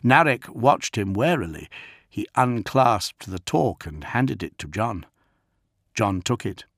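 A man narrating an audiobook in a steady, even storytelling manner. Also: lowish voice, measured pace, no room sound, studio quality. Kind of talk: scripted narration.

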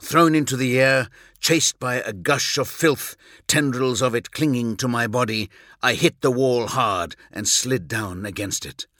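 A male audiobook narrator telling a first-person story in a measured, intense way. His voice is bright and forceful, at a middle pitch. The sound is close and dry, with no room around it. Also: dry recording.

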